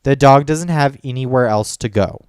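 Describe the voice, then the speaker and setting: A man's voice: mid-range voice, normal speed, a little mellow, smooth, no room sound, studio quality. A man telling a story in casual chat as a podcast co-host, rambling and profane, full of fillers and restarts.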